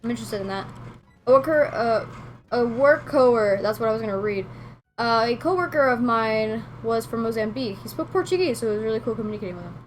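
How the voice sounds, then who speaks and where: A woman in her twenties from Venezuela, a game streamer chatting casually and rambling with her viewers, quick to laugh. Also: on the high side, expressive, soft background music.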